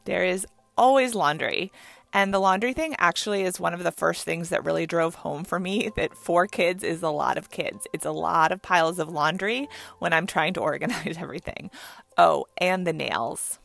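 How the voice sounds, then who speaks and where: A woman's voice: lowish voice, normal speed, gravelly, fairly bright tone. A woman in her thirties hosting a podcast, telling candid stories about parenting in a reflective way. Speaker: podcast host.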